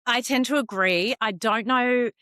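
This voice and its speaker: Lively Australian woman, chatty podcast co-host. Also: on the high side, dry recording, studio quality. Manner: animated, chatty, quick to laugh. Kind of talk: casual chat.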